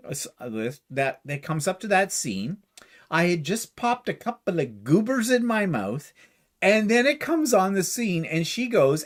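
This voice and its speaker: Middle-aged man from Canada, chatty storyteller, fairly high voice, very lively pitch, casual livestream chat. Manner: chatty storyteller, laughs easily. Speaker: co-host.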